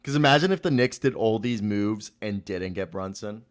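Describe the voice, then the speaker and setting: A man's voice: on the low side, expressive, normal speed. A young man from Minnesota co-hosting a casual talk show, rambling and swearing his way through stories. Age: young adult. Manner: rambling, profane storytelling. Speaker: co-host. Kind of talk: casual chat.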